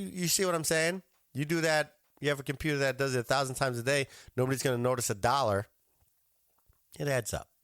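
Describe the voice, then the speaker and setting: A man's voice: medium pitch, no echo, clean studio sound. A man hosting a podcast, telling an annoyed story in a casual, profane rant and acting out both sides of his phone calls. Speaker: podcast host.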